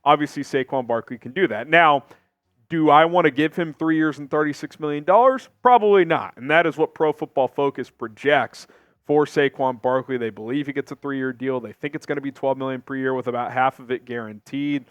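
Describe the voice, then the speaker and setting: Man, sports talk host, opinionated, emphatic, clear smooth tone, dry studio sound. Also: brisk, no room sound. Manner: animated, emphatic swings in pitch and volume.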